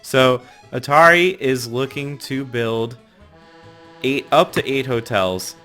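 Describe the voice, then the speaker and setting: A man's voice: mid-range voice, slow pace, bright, forceful tone, soft background music. A man hosting a casual group chat, joking and laughing mid-sentence. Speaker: podcast host.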